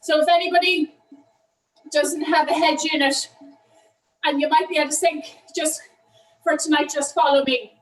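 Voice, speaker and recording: A woman's voice: sits high, steady tone, moderate pace, pauses often, recorded from a distance. An Irish woman leading an online indoor cycling class, talking while eating and apologizing for it. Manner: talking with food in her mouth, apologetic. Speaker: cycling coach. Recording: echoey room, away from the mic.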